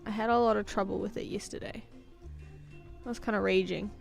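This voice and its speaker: A woman's voice: medium pitch, steady tone, brisk, gravelly, soft background music. A woman art streamer with a non-American English accent chatting casually and jokily while she draws. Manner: chatty, rambling, jokey, with frequent laughs and fillers. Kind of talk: casual live-stream chat while drawing.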